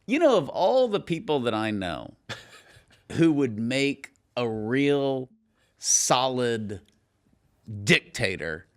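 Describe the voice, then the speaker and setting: A man's voice: medium pitch, big pitch swings. A young man from Texas hosting a podcast, chatting casually, teasing his co-hosts and laughing easily. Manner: teasing, joking, quick to laugh. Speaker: podcast host.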